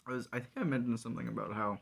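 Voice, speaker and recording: A man's voice: mid-range voice, steady tone, rapid-fire, vocal fry, slightly rough. A man vlogging alone in a wry, rambling monologue full of fillers. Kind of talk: casual solo monologue.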